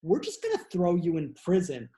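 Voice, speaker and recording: A man telling a comic story voices blunt, menacing male communist police officers in a gruff, mocking tough-guy way. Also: sits high, wildly swooping pitch, moderate pace, dark tone. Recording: echoey room.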